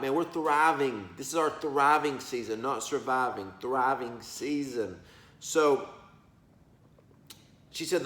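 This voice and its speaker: A man's voice: medium pitch, roomy sound. A man preaching prophetic words in a folksy, emphatic way, calling listeners y'all and baby. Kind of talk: animated preaching to camera.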